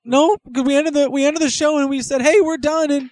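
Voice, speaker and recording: A man putting on a voice as a nervous, stammering teenage boy sidekick, high and strained. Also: fairly even intonation, fairly quick, darkish tone, dry recording, studio quality. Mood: flustered.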